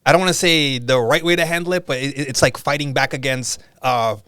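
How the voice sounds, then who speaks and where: A man co-hosting a casual podcast, talking in an animated way and jumping in to act out quotes. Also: medium pitch, brisk, smooth, dry recording, studio quality. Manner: animated, jumps in, acts out quotes. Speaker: podcast co-host. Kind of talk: casual chat.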